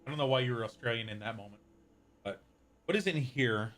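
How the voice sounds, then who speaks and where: Bright-voiced chatty male streamer. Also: medium pitch, expressive, brisk. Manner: rambling, chatty, reads and answers chat aloud. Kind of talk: casual live-stream chat.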